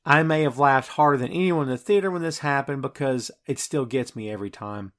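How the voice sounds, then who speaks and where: A man's voice: mid-range voice, a little fast, fairly bright tone. A man hosting a podcast and recapping a film scene by scene in casual, enthusiastic chat full of fillers. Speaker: podcast host.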